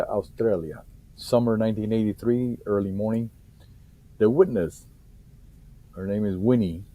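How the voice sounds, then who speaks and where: A man, a guest researcher on a podcast interview, reading case reports in a halting way with many fillers and restarts. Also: on the low side, mellow.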